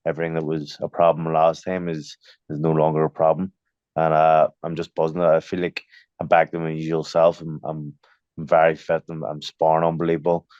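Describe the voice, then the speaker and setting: A young man with a very low voice talks in a relaxed interview, full of fillers and restarts. The sound is dry and a little dull and lo-fi, as though from a modest recording. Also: fairly quick, dry recording. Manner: chatty storyteller, lively, many fillers and restarts. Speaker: boxer. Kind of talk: casual interview.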